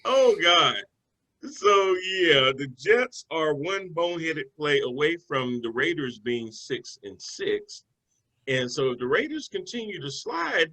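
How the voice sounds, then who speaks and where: Man, sports co-host, bright tone, easygoing and chatty, with fillers. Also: sits high, low-quality recording. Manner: conversational, loose with fillers and restarts. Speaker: sports talk show co-host. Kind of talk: casual sports analysis chat.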